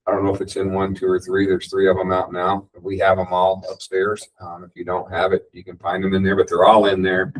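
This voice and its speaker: A man speaking casually on a discussion panel, conversational and animated when quoting others. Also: sits low, fairly quick, few pauses, far from the mic, poor audio.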